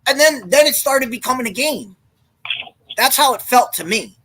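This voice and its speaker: A man hosting a casual sports talk, excitable and prone to stammering and repeating himself. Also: very high voice, moderate pace, a little hiss or hum, rough recording.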